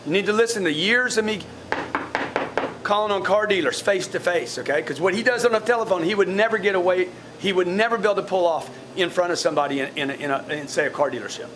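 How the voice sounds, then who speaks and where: A man with a fairly high-pitched voice lectures a room of salespeople in a blunt, profane way. He stumbles over repeated words as he pushes his point, and a faint hiss sits under the recording. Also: quick pace. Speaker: sales team leader coaching his staff. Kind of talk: blunt motivational coaching talk to a team. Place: in front of a live group of staff.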